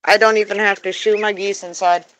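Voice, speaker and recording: A woman's voice: mid-range voice, flat delivery, a little fast, fairly bright tone, poor audio. Woman vlogger with a cold, chatty and loose, talks to her animals in sing-song baby talk, outdoors. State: sick with a lingering cold, coughing. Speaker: vlogger tending her geese. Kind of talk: casual chat while doing chores.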